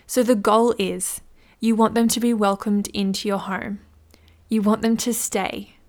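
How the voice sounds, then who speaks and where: A woman's voice: mid-range voice, level tone, a little slow. A woman hosting a solo business podcast, chatty and playful, acting out little scenes as she gives advice. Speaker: podcast host, business coach.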